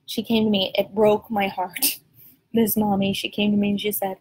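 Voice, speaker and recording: A woman from New Orleans who teaches Spanish, chatting casually on a live stream and telling stories with animated emphasis. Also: mid-range voice, normal speed, husky.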